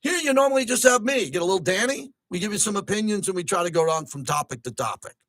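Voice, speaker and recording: A man hosts a sports radio show with a high-pitched, animated voice that climbs toward shouting when he gets riled. he's close on a studio mic. the sound is dry, with no room behind him. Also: fast, dry recording. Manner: excitable, rising to near-shouting when riled. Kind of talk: sports talk radio monologue.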